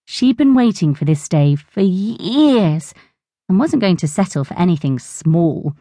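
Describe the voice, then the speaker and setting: A woman narrating a children's audiobook in an expressive, bright storytelling manner. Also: on the low side, measured pace, no echo, clean studio sound.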